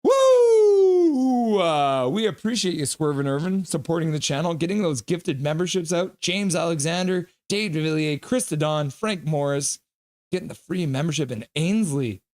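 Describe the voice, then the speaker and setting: A young man hosting a live hockey reaction stream, chatting casually, reading chat aloud and whooping with excitement. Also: a little high, moderate pace.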